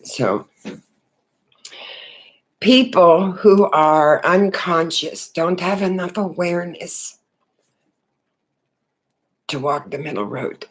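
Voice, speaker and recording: A woman talking unscripted about her spiritual awakening, earnest and halting, with many fillers and restarts. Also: on the low side. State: tearful. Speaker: spiritual vlogger.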